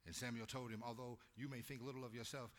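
A male pastor preaching, drawing the congregation into call-and-response and swinging from quiet talk to loud shouts. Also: medium pitch, flat delivery, fast talker. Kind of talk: sermon.

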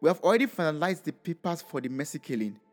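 A man voicing an astonished hospital nurse who talks in excited bursts. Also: fairly high pitch, fast, soft background music.

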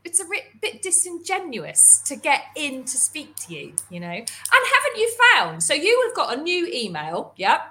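Female co-host, high lively bright voice, animated rants. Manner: animated, exasperated rants with quick laughs. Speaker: podcast co-host, estate agency owner. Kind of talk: casual chat.

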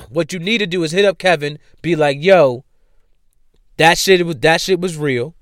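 Man, heated profane rant, repetitive emphasis, smooth clear voice, dry close sound. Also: a little high, measured pace, dry recording. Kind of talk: ranting commentary.

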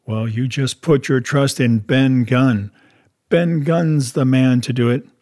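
A man reading an audiobook, voicing a half-crazed old castaway who talks in eager, rambling, rustic sailor's speech, a bit higher and louder than his own voice. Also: fairly even intonation, slow, lightly acted. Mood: wheedling. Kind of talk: audiobook character voice.

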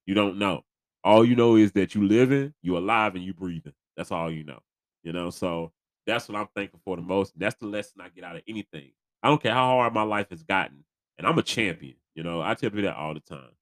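A man's voice: deep voice, a little fast, no room sound. A young man co-hosting a podcast, laid-back and repeating phrases as he gives motivational talk. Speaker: podcast co-host. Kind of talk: casual chat.

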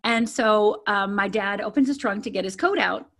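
A woman's voice: medium pitch, moderate pace, a bit bright. A middle-aged woman from the of Michigan, telling her personal story candidly as an interview guest, with many fillers and repeated words. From Upper Peninsula of Michigan.

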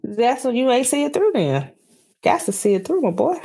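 Female podcast co-host, husky voice, animated ranter, chatty. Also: on the high side, moderate pace. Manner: animated ranting, addresses listeners as y'all. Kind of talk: casual chat.

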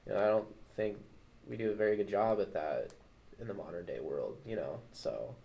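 A young man in a class discussion, talking haltingly with many restarts. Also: fairly low pitch, animated, gravelly, warm tone. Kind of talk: casual discussion.

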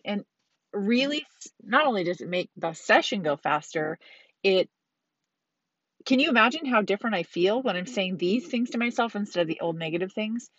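A woman's voice: mid-range voice, lively intonation, moderate pace, fairly bright tone, no echo, lo-fi sound. A woman hosting a podcast, talking candidly and casually about self-help, swearing now and then and getting emphatic. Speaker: podcast host.

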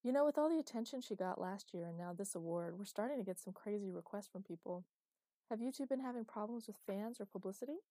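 A woman voicing a brisk, businesslike female publishing boss in an audiobook, in a mellow voice. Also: medium pitch, expressive, no room sound, natural voice. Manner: businesslike, dismissive.

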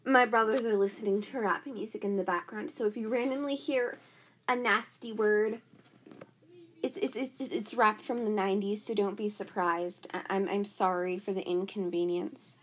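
A woman's voice: medium pitch, fairly even intonation, moderate pace, a little hiss or hum. A woman hosting her own podcast, talking in a chatty valley-girl way full of "like". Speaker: podcast host. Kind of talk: casual podcast monologue.

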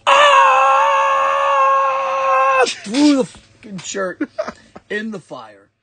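A man chatting casually, telling stories and acting out sounds and shouted quotes, laughing often. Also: high-pitched, very animated, measured pace, very noisy. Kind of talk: casual storytelling chat.

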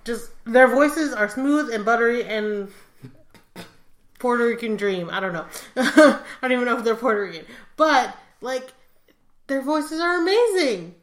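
A woman co-hosting a podcast in casual chat, animated and talkative, with lots of "like". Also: fairly high pitch, a little slow. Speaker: podcast co-host. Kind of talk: casual chat reviewing music videos. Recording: echoey room.

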